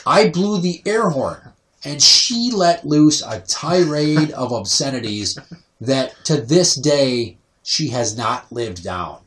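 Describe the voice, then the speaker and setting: A man in his thirties tells stories casually on a podcast, his pitch swinging wide as he acts out other people's voices. He sits back from the mic, and the room adds a noticeable echo. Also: expressive, slow, fairly bright tone. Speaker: podcast host. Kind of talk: casual storytelling. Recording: roomy sound, voice distant from the mic.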